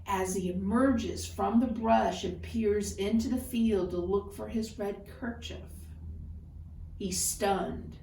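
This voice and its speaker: A woman storyteller telling a folktale in an expressive, deliberate way. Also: medium pitch, creaky, far from the mic, slight background noise. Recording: roomy echo, voice off-mic.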